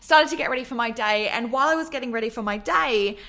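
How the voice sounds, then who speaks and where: A young adult woman from Australia with an Australian accent, hosting her podcast in a bubbly, effusive monologue full of excitement. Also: fairly high pitch, quick pace. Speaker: podcast host. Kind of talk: enthusiastic solo podcast monologue.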